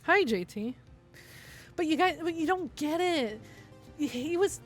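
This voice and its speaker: A woman's voice: high-pitched, lively intonation, slow pace, long pauses. A young woman streamer ranting at length, swearing a lot and making sarcastic, petty jabs. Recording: faint music behind.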